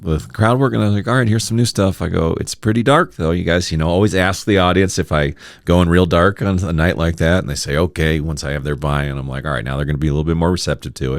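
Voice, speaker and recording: A man's voice: sits low, no echo, studio quality. A man, a stand-up comedian, telling personal stories in casual conversation, often laughing and acting out the people he quotes. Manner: laughs often, mimics others in quoted asides. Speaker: stand-up comedian, podcast guest.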